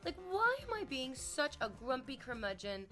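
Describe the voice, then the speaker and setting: Bright-voiced chatty woman streamer. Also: high-pitched, very animated, normal speed, soft background music. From Canada. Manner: chatty storytelling, playful exaggerated quoted voices. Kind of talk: casual chat to stream viewers.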